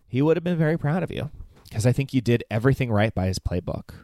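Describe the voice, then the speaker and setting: Tearful young man with a mellow voice. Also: medium pitch, lively intonation, dry recording, clean studio sound. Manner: halting, heartfelt, swears casually. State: emotional, near tears. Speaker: son giving a message to his father. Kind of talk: personal spoken message.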